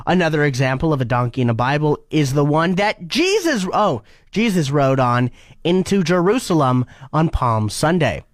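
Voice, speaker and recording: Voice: mid-range voice, no echo, clean studio sound. A podcast co-host chatting casually, teasing and joking. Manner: teasing, jokey, animated. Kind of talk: casual chat.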